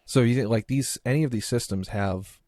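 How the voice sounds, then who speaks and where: A man's voice: medium pitch, brisk, dark tone, no echo, studio quality. A man hosting a podcast in casual chat, rambling and restarting with lots of filler words. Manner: rambling, heavy use of filler "like", trailing restarts. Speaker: podcast host.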